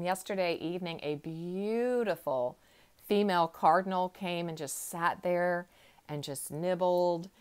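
A woman in her sixties, a counselor, gently guiding a slow relaxation exercise from a chair in her counseling room. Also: fairly low pitch, clear, resonant tone. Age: 60s. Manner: gentle, unhurried, soothing guidance. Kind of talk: guided relaxation talk.

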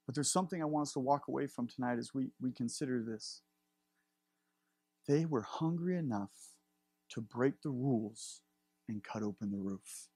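Male pastor, sermon delivery, earnest, a raspy edge, mid-pitched. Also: moderate pace, pauses often, warm tone, no echo. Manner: earnest, building emphasis.

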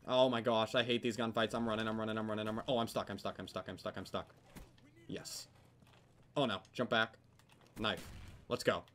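A young man giving live commentary over a video game, swearing often and yelling when things go wrong. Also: on the low side, fairly even intonation, fairly quick, pauses often. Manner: swears a lot, yells when frustrated. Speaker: gaming commentator.

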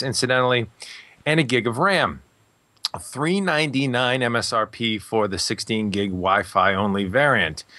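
A man giving a relaxed, plain-spoken product rundown on a tech podcast, thinking aloud as he goes. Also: medium pitch, no echo.

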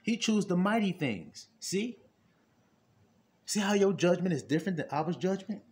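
A man delivers a casual, conversational sermon, posing rhetorical questions and laughing often as his voice moves from low murmurs to high exclamations. His delivery is expressive, at a normal speed, with a darkish tone.

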